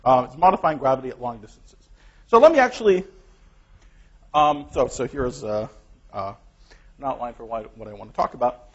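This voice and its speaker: A man giving an academic colloquium lecture in a hall with a clip-on mic, emphatic and energetic, often laughing at his own remarks. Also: mid-range voice, brisk, slightly rough. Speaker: guest lecturer. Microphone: clip-on microphone. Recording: dull lo-fi lecture recording.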